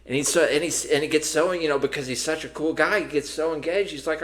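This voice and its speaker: A man's voice: on the high side, quick pace, hardly any pauses. A man co-hosting a podcast in casual chat, telling a long story with many restarts and fillers. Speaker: podcast co-host.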